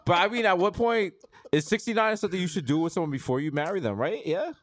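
Profane New York comic co-host. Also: male voice, sits high, lively intonation, fast talker, no echo. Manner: profane, storytelling. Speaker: podcast co-host. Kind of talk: casual comedic banter.

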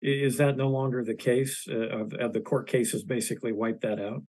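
Hoarse guy at a public meeting, lots of ums, asks slow careful questions. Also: mid-range voice, steady tone, a little mellow, no echo, poor audio. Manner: halting, many fillers and restarts. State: hoarse, scratchy voice. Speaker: board member asking questions.

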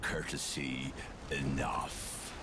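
An actor playing a proud warrior king boss in a game, with a gravelly, theatrical archaic delivery, heard over game music. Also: a bass voice, flat delivery, drawn-out words, sharp tone, a little hiss or hum, exaggerated voice. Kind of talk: game dialogue. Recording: game audio under music.

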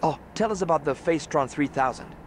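Guy doing a stiff polite fed agent in a game, slightly high voice, pretty lively. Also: fast, slight background noise, lightly acted. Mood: earnest. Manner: formal and earnest. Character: stiff, by-the-book male federal agent. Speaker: game character.

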